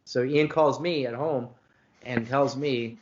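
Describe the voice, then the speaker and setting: A man's voice: medium pitch, steady tone, takes it slowly, highs cut off. Profane rambling man telling a story. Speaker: podcast host. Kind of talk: casual storytelling chat. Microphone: video call.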